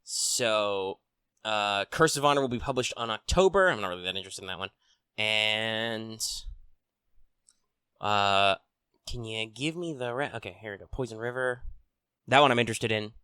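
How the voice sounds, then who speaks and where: Male host, casual rambling news chat into a desk mic; low-ish, bright, dry close sound. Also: normal speed, pauses often, clear, resonant tone, dry recording. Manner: rambling, frequent ums and restarts, swears casually. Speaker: tabletop RPG news host. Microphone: desk mic on arm.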